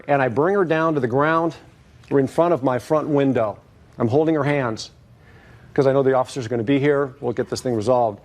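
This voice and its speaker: A man giving long, hesitant testimony as a plaintiff in a TV courtroom, full of fillers and restarts. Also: medium pitch.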